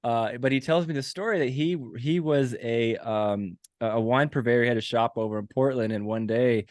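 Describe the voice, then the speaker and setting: A man's voice: medium pitch, moderate pace, darkish tone, dry recording, studio quality. A man in his forties hosting a podcast, telling stories in a rambling, self-mocking way. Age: 40s. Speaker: podcast host. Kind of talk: casual podcast chat.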